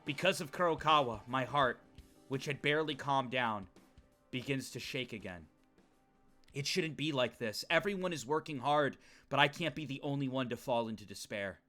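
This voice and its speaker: A man's voice: mid-range voice, animated, normal speed, pushed and bright, soft background music, voice pushed down. A man voicing an earnest, anxious teenage boy protagonist, reading game dialogue aloud as a subdued, self-reproaching inner monologue. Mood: brooding.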